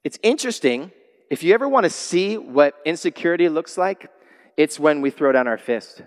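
A man preaching a sermon from the pulpit, lively and playful, acting out the voices of the people he quotes. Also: fairly high pitch, moderate pace. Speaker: pastor. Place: church sanctuary. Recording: long reverb of a large hall.

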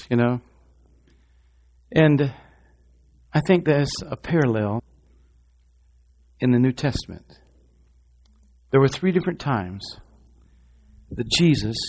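A middle-aged man preaching a sermon in a church, asking the congregation questions and moving between loud rousing lines and quiet low ones. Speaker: pastor.

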